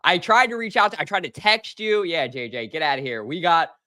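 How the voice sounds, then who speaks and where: Bright-voiced young male podcast host. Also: on the high side, brisk. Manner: upbeat, joking, ribbing his co-hosts. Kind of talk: casual sports podcast chat.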